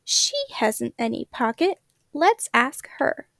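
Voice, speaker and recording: A woman's voice: on the high side, animated, takes it slowly, vocal fry, a bit bright, no room sound, studio quality, full character voice. A woman reading a storybook and voicing a worried young mother kangaroo who pleads and frets. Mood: pleading.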